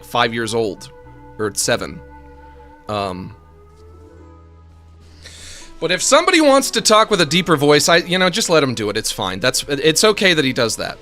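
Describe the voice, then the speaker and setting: A man's voice: mid-range voice, fairly bright tone. A man streaming a game, chatting casually and rambling with jokes and self-mocking asides. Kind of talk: casual chat on a live stream.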